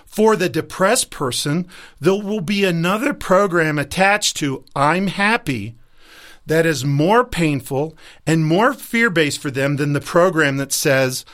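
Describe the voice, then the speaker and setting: A man's voice: a little high, a bit bright. A man who works as a life coach, giving an emphatic motivational talk and acting out the voices he quotes.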